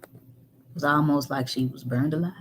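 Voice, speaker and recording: A woman telling a painful personal story candidly, moving between animated talk and near-whispers. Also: low-pitched, moderate pace, a little hiss or hum. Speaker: guest. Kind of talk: emotional storytelling.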